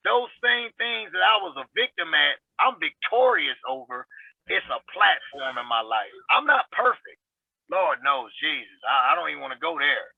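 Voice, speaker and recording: A man's voice: fairly high pitch, sing-song, normal speed, gravelly, no room sound. Earnest man on a tinny call line. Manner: earnest, emphatic, repeats phrases for weight. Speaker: guest sharing recovery testimony. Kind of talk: casual testimony on a talk show. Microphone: video call. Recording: tinny video-call audio.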